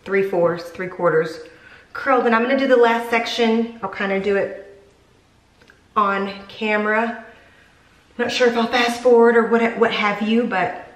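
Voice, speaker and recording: A woman's voice: mid-range voice, a bit bright. Chatty self-mocking young woman vlogger. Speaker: beauty vlogger. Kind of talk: casual hair tutorial chat. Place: home room. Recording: echoey room.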